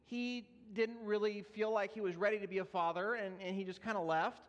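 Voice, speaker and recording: A man's voice: high-pitched, steady tone, brisk, dull audio. A young man preaching a sermon and telling his own story earnestly, now and then laughing at himself. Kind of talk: sermon with personal testimony. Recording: long reverb of a large hall.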